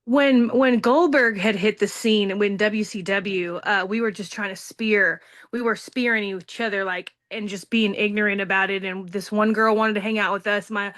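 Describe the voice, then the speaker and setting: Chatty, animated woman telling stories. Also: mid-range voice, normal speed, hardly any pauses. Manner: animated, chatty, laughs easily. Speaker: participant on a support call. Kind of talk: casual storytelling chat.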